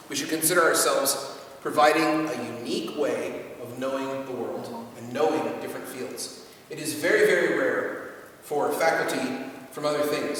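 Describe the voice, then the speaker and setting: A man's voice: mid-range voice, a little hiss or hum. American guy lecturing a room, chatty, acts out quotes, sounds far off in a big echoey hall. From United States. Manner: conversational, animated, quotes people in asides. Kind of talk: university lecture with audience questions.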